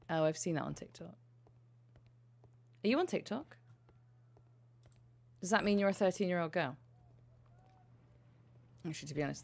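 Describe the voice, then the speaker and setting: A woman's voice: sits low, gravelly. Profane, playful woman streamer. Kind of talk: casual gameplay commentary.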